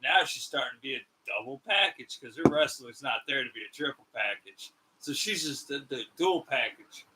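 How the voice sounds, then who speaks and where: A man's voice: medium pitch, expressive, moderate pace, few pauses, heavy background noise. A man co-hosting a podcast in casual chat, blunt, argumentative and swearing. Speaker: podcast co-host.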